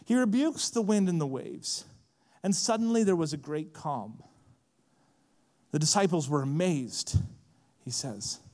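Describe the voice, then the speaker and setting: A man preaching a sermon, swinging from quiet, low asides to impassioned, rising appeals. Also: animated, measured pace. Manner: impassioned, rising to shouts then dropping low. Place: large event hall.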